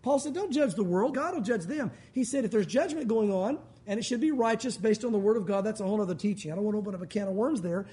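A man preaches a sermon in a relaxed, conversational way, dropping in joking asides. His voice sits very high for a man. It has a husky, slightly rough texture. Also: rapid-fire, few pauses. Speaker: pastor.

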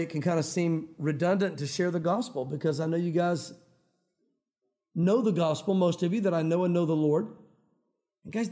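Fast-talking Tennessee preacher, high voice. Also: male voice, mellow. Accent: Tennessee Southern. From Tennessee, US South. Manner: fast-talking, conversational, earnest. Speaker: pastor. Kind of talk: evening sermon.

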